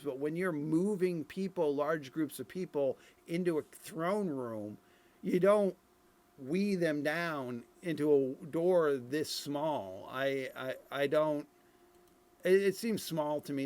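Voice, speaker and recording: A middle-aged man from Ireland giving casual commentary on game footage, thinking aloud with many fillers and restarts. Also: on the high side. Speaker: streamer reviewing game dev footage.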